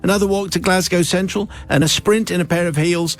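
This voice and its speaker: A man's voice: sits high, fairly even intonation, a little fast. Playful male radio host reading aloud. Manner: playful, amused, theatrical reading. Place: radio studio.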